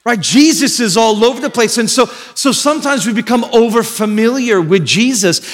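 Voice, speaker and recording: Man, preacher, high voice, dramatic gasps and shouts, long hall reverb. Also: lively intonation, normal speed. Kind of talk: sermon.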